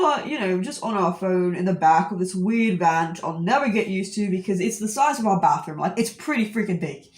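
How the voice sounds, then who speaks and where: A woman's voice: on the low side, darkish tone, echoey room. A woman in her twenties chatting casually while she draws, telling a rambling story full of fillers. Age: 20s. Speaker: art streamer. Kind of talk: casual chat while drawing.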